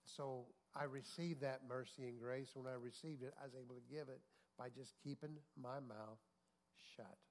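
Telling a story from the pulpit, this male preacher from the United States dramatizes the quoted lines and keeps calling for amens from the congregation. He speaks at a medium pitch and moderate pace, with fairly even intonation.

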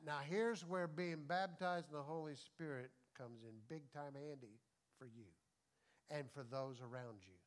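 Pastor, male, high-pitched, folksy sermon delivery with quiet-to-loud swings. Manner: swings between soft confiding and loud preaching; folksy and conversational.

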